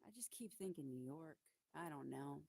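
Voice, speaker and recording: A woman's voice: low voice, expressive, moderate pace, creaky, mellow, breathy edge, no echo, clean studio sound. A woman working as a psychic medium, passing on spirit messages in a hesitant, emotional way with many fillers and restarts. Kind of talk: spiritual channeling monologue.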